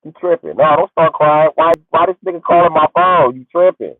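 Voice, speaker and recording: A man doing a profane comedic rant on a livestream. He swings from high yelling to low muttering. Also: brisk, dry recording. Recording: tinny phone-like audio.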